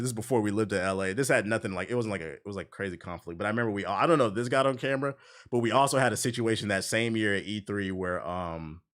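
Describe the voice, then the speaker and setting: A man's voice: mid-range voice, fairly bright tone. A man streaming a game while telling a long story in casual, slangy, profane speech. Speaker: gaming streamer.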